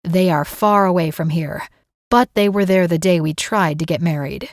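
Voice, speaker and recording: A man's voice: high voice, moderate pace, dry recording, studio quality. A woman voicing a young man, an affectionate groom, in a romance audiobook. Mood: tender. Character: loving, eager young groom.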